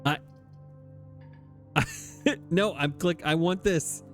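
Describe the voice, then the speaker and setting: A man's voice: fairly high pitch, very slow, faint music behind. A man commenting on his own gameplay, flustered and exasperated, talking to himself. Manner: frustrated, exasperated, talks to himself. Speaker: let's play gamer.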